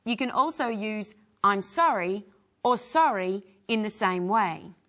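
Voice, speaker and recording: Woman, English teacher, repeat-after-me drills, unhurried and clear. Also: medium pitch, lively intonation, fairly bright tone. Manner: clear, careful modelling of phrases.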